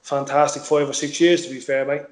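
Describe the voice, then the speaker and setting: A man's voice: a little high, little pitch movement, fairly quick, reverberant. A middle-aged man, a former footballer chatting as a guest, repeating words and swearing casually. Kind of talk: casual interview chat.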